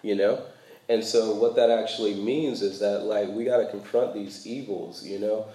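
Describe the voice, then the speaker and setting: A man's voice: on the low side, fairly even intonation, moderate pace, warm tone, roomy sound, rough recording. A man from the United States giving a sermon in a loose, conversational way, with many fillers and storytelling asides. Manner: conversational, frequent fillers, laughs while telling stories. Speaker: preacher. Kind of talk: sermon talk.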